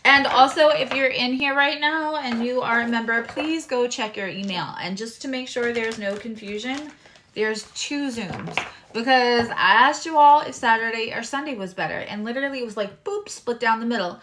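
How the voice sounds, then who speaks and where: A fairly high-pitched woman delivers a live tarot and astrology reading at a moderate pace, chatting openly and cursing liberally. She sometimes dips into hushed asides, and there's a faint hiss or hum.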